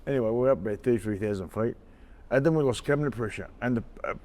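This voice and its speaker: A man's voice: mid-range voice, racing, darkish tone. A man, a former kickboxing champion, telling blunt stories and swearing freely. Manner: blunt storyteller, swears freely, acts out quotes. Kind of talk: casual interview chat.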